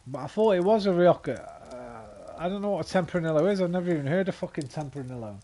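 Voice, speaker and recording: A young man talks his way through a video game in casual commentary. His voice sits a little higher than most men's, and he swears freely as he chats back at the game. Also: lively intonation, fast talker, warm tone. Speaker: game streamer. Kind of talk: casual let's-play commentary.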